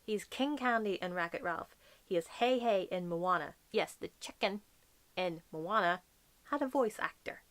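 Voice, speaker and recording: A woman's voice: on the low side, lively intonation, normal speed, a bit bright. A woman from Northern Ireland with a light Northern Irish accent, chatting casually to camera as a book vlogger, gushing and playful with whispered asides.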